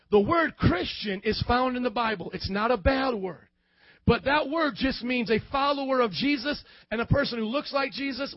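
A man preaching an energetic, slangy youth sermon that leans on call-and-response and often breaks into shouts to the crowd. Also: very high-pitched, dry recording. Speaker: youth pastor. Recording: dull dry lo-fi recording.

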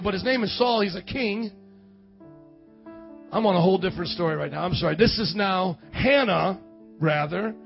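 High-voiced excitable male preacher. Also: creaky. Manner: excitable, loud outbursts, then drops low to muse. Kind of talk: charismatic sermon. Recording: dull lo-fi church recording with faint music.

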